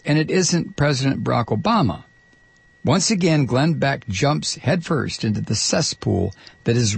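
Gravelly, indignant male talk host. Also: mid-range voice, no echo. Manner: indignant, sarcastic, ranting. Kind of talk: political commentary monologue.

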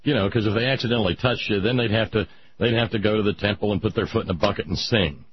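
A man's voice: fairly low pitch, fast, lo-fi sound, a little hiss or hum. A man hosting a talk show, delivering a sarcastic, opinionated monologue. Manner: sarcastic, ranting, mocking voices.

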